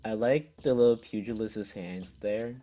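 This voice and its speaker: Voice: medium pitch, unhurried, mellow, faint music behind. A player in a tabletop game, chatting casually and asking many questions. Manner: curious, asks lots of questions.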